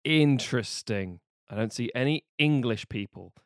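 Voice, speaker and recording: A man's voice: mid-range voice, lively intonation, no room sound, clean studio sound. A man co-hosting a casual podcast, bantering and joking with friends and swearing, sometimes reading a plot summary aloud. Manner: jokey, quick banter, swears. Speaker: podcast co-host. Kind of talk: casual chat.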